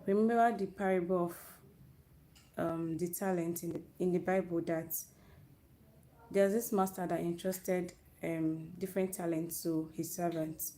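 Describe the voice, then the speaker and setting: Speaking to young people on a live stream on her own network, a youth speaker delivers an earnest, motivating talk about faith. Her fairly low voice is steady and warm at a measured pace, and she often restarts her phrases mid-thought.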